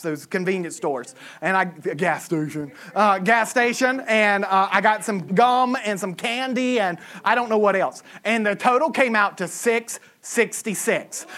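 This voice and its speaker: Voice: mid-range voice, fairly bright tone. A pastor preaching a humorous sermon to a congregation, acting out quoted voices. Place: church service with a congregation.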